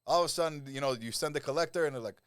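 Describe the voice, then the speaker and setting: A man's voice: a little high, rapid-fire, no echo, clean studio sound. A man in his forties, a podcast guest, tells his life story in blunt, profane street talk. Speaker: interview guest. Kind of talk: storytelling interview. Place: podcast studio.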